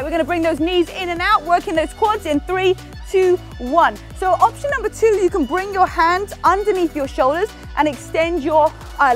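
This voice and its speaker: Upbeat English woman leading a workout. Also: sits high. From England. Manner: upbeat, laughing often, counting down reps. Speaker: fitness instructor. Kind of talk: leading a workout, chatty cues.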